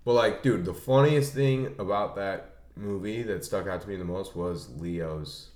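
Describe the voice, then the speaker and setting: A young man co-hosting a casual movie chat, animated and swearing a lot as he acts out scenes. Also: low voice, unhurried, reverberant. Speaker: podcast co-host.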